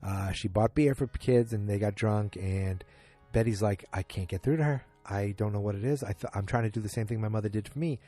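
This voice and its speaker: A man with a low, mellow voice talks through a show recap, rambling and correcting himself as he goes. He loosely acts out the characters' lines in his own voice. Faint music plays behind him. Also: fairly quick. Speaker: podcast host. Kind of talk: casual solo episode recap.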